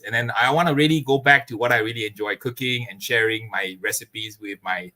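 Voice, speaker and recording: A man's voice: medium pitch, fairly quick, few pauses, sharp tone. A man, a barbecue pitmaster, chatting as an interview guest, earnest and expansive, laughing often. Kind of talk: casual interview chat.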